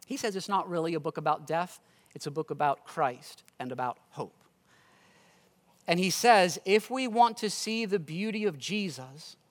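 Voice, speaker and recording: A man preaching a sermon as pastor, earnest and rising loudly on his appeals, recorded in a church. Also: high-pitched. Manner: earnest preaching, swells loud on exhortations. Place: church sanctuary. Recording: church hall reverb.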